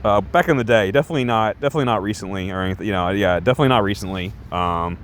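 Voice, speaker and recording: A man's voice: lowish voice, rapid-fire, slight background noise. Rambling, self-conscious male streamer. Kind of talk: casual livestream chat.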